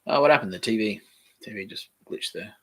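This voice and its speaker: This podcast host speaks in a lowish voice at a fairly quick clip, with a slight hiss or hum in the sound. Reading aloud from a screen at home, he rambles and jokes offhandedly, often trailing off into mumbles.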